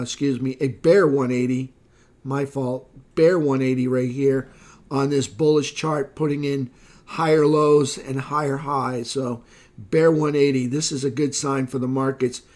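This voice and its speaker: A slightly hoarse man giving a casual market recap, thinking aloud with fillers and quick self-corrections. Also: mid-range voice. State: slightly hoarse, losing his voice. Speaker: market analyst. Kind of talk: screen-share market recap.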